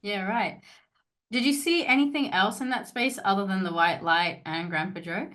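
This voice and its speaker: A woman's voice: mid-range voice, moderate pace, a bit bright. Woman host, mid voice, friendly, asks curious follow-ups. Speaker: podcast host. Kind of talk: interview conversation.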